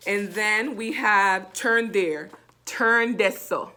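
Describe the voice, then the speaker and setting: A woman with a Jamaican accent giving a casual language lesson, repeating each phrase slowly with many fillers. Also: medium pitch, bright, forceful tone. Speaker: language teacher vlogger.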